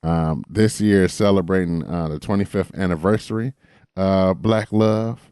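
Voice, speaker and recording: A man's voice: sits low, fairly even intonation, moderate pace, mellow, clear, resonant tone, no echo, studio quality. A man co-hosting a podcast in casual chat, laid-back and blunt. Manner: laid-back, blunt, calls people baby. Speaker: podcast co-host.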